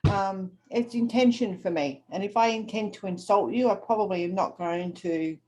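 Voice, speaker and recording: A woman's voice: mid-range voice, normal speed, darkish tone. A middle-aged Australian woman co-hosting a podcast, chatting bluntly and swearing freely. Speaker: podcast co-host. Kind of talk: casual chat.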